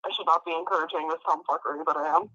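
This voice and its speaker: A woman guest chats in a bright, sharp voice, teasing and affectionate. Her voice comes through a dry, tinny call line. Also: low-pitched, steady tone, no echo. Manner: teasing, affectionate, quick asides. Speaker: guest artist. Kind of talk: casual chat.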